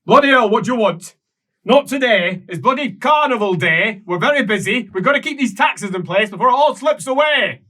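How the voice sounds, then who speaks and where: A man voicing a stressed, bald male tax official who shouts and swears. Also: high voice, big pitch swings, moderate pace, slightly rough, voice pushed up, full character voice. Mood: frantic.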